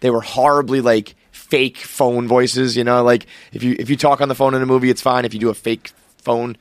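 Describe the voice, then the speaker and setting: A man's voice: mid-range voice, fairly even intonation, fairly quick, no echo. A man, young adult, hosting a casual chat and telling a rambling, swearing story. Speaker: podcast host.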